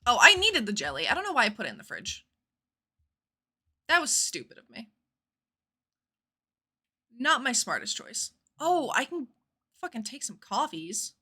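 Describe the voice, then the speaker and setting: This livestreamer, a young woman in her twenties, chats and rambles while gaming, swearing casually here and there. Her bright, bouncy voice swoops wildly in pitch at a normal speed, with frequent pauses and a breathy edge.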